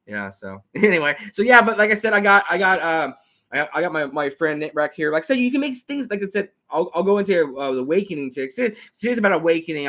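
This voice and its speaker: Guy hosting a chatty show, rambles a lot, kinda high bright voice. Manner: rambling, repeats words, talks fast. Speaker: host. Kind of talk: casual chat.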